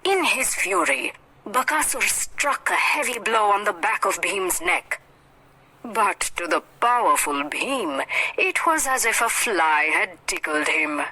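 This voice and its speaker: Brief: bright, lively woman teacher, slow storybook read-aloud. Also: mid-range voice, rough recording. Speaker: English teacher. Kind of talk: storybook reading for a lesson.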